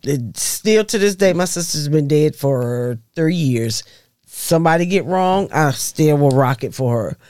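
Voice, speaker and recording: A middle-aged woman, a mother, telling family stories in a casual, animated way, swearing freely and laughing as she goes. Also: low voice, measured pace, dry recording, studio quality. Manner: animated, profane storytelling with laughs. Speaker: mother of the guests, podcast guest.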